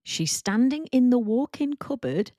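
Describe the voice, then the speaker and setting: A woman hosting a casual solo podcast, telling embarrassing work stories and acting out quotes in a higher voice, laughing at herself. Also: unhurried, dry recording, studio quality. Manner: animated, acts out quotes in a higher voice. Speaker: podcast host and work confidence coach.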